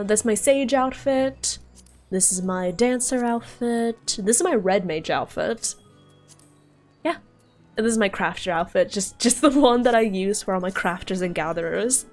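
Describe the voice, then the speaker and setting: A woman streaming a video game, chatting casually and giggling as she talks to her viewers. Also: mid-range voice. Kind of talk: casual gaming stream chat.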